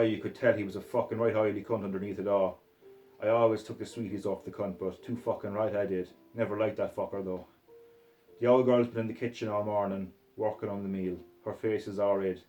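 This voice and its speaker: A man reading a story aloud in the first person, putting on a Scottish accent and talking in a rough, swaggering way. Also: lowish voice, dark tone. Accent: put-on Scottish accent. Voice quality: rough, profane, swaggering narration in character. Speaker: reader of a short story.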